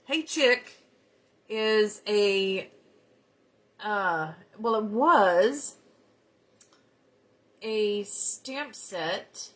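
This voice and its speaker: A woman's voice: medium pitch, expressive, drawn-out words, long pauses, fairly bright tone. Chatty Southern woman crafting live. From United States. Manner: chatty, folksy, talks while working. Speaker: card-making demonstrator. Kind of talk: casual live crafting chat.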